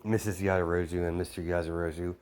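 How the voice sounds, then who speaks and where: A man's voice: low-pitched, flat delivery, fast talker, a little mellow, a little hiss or hum. A man improvising a spoken fan story, rambling with constant fillers and restarts.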